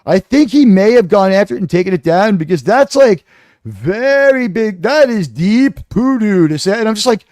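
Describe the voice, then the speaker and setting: A man's voice: high-pitched, sing-song, normal speed, darkish tone, no echo, studio quality. A man hosting a live stream, ranting and telling stories in a sarcastic, mocking way. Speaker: livestream host.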